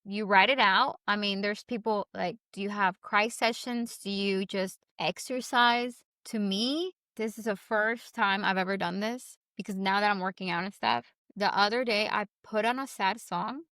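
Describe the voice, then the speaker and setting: A woman in her thirties co-hosting a podcast, energetic and expressive, swearing freely in casual chat. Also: medium pitch, moderate pace, hardly any pauses, no room sound, clean studio sound. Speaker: podcast co-host.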